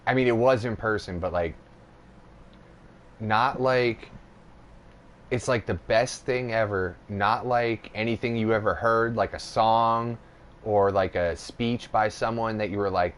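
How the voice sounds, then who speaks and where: A young man on a casual podcast tells a long story in a rambling, profane way, full of fillers and restarts. His voice sits fairly low. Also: fairly bright tone, slight background noise. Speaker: podcast host.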